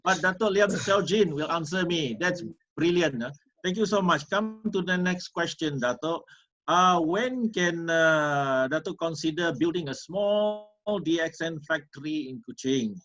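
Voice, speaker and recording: A man's voice: a little high, measured pace, fairly bright tone, muffled recording. A man asks a polite, jokey question as a caller in a live session.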